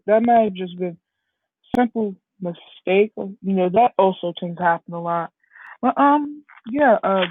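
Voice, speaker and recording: Give me a husky woman rambling through a story. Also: mid-range voice, unhurried, no room sound. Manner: rambling, with many fillers. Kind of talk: casual fan-fiction storytelling. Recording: husky, dry, phone-like lo-fi audio.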